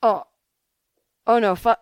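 A woman's voice: fairly high pitch, steady tone, takes it slowly, a little mellow, clear, resonant tone, dry recording. Woman playing a goofy teenage boy, blunt, swearing, bewildered, dry close sound. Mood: fed up. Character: goofy teenage boy bailing on math class.

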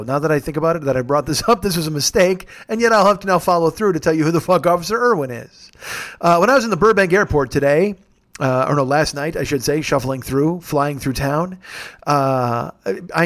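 Profane, sarcastic man hosting a podcast. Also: fairly high pitch. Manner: profane, rambling, sarcastic storytelling. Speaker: podcast host. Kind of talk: casual comedic monologue. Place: rented home, recording on travel.

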